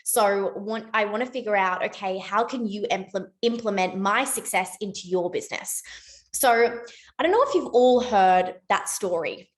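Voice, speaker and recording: Speaking at a medium pitch, a young network marketing team leader rambles through a relaxed pep talk for her sales team. Her chatter is full of "like," with frequent quick self-corrections.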